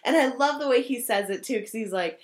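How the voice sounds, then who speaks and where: A woman's voice: a little high, brisk. Chatty woman, laughing film talk. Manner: animated, laughs often, acts out quotes. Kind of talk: casual chat about a film.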